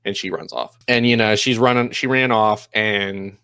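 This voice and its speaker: A man talking through an episode recap in a loose, rambling way, full of "you know" and "um", slipping into quick quoted lines as he goes. His voice sits somewhat low. The sound is dry and close, with little room echo. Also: steady tone, sharp tone, clean tone. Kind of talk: casual spoken recap.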